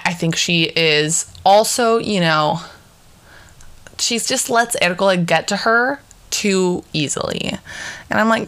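A woman's voice: lowish voice, fairly bright tone. A young woman hosting a podcast alone, chatting casually in a rambling, profane way with many fillers and restarts. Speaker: podcast co-host. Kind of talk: casual solo podcast chat.

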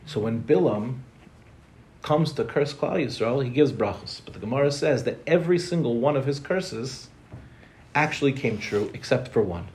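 A young man teaches a Torah class with an easy, joking energy, sitting at a middle pitch. He keeps firing rhetorical questions at the room and drives toward his point. A faint ambient hum sits behind his voice. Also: animated, moderate pace, a little mellow.

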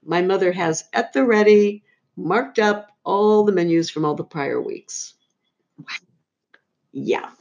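A woman's voice: on the low side, slow, pauses often, a little mellow. Woman, middle-aged, podcast co-host, casual storytelling, wry humor, slightly muffled lo-fi sound. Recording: slightly dull, lo-fi recording.

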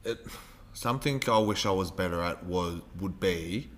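A man's voice: deep voice, moderate pace. A man hosting a podcast, talking casually and loosely, often searching for words as he goes. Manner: relaxed, rambling, searches for words. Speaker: podcast host, teacher.

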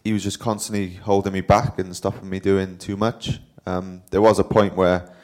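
At a live talk, a young professional cyclist from Wales shares casual stories as an interview guest, meandering and poking fun at himself. He speaks at a normal speed in a low, level, slightly mellow voice.

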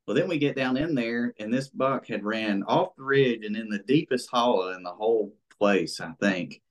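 A man's voice: mid-range voice, normal speed. A man telling a hunting story in a casual interview, rambling with lots of fillers and acting out what people said. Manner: rambling and animated, many fillers, acts out quoted speech. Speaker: interview guest, bow hunter.

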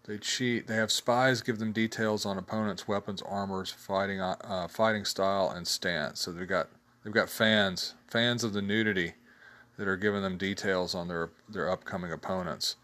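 A man with a somewhat low voice hosts a casual solo show. He talks in a loose, chatty way and laughs at his own jokes. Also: fairly even intonation, moderate pace, fairly bright tone. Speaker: host reviewing tabletop game blogs.

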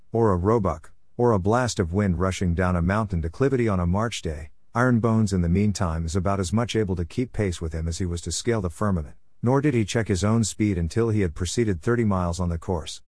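A man reading a folk tale aloud as an audiobook narrator, in a steady, measured way. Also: on the low side, no echo, studio quality.

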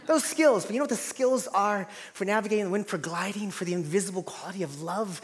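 A man preaching a sermon in a church, dynamic, swinging from loud to hushed. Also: high voice, quick pace, hardly any pauses, long reverb tail. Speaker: pastor. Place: large church hall.

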